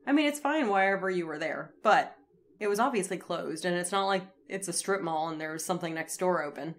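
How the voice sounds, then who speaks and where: Chatty woman podcast co-host. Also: lowish voice. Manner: chatty, quick to laugh. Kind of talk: casual chat recapping a TV episode.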